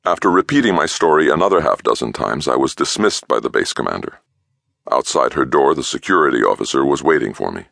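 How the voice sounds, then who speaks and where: A man narrating an audiobook in the first person, measured and expressive. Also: extremely low pitch, gravelly, dry recording, studio quality.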